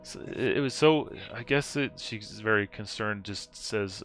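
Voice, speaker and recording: A man's voice: on the low side, a little slow, fairly bright tone, faint music behind. A man running a tabletop horror game as game master, talking casually with lots of fillers.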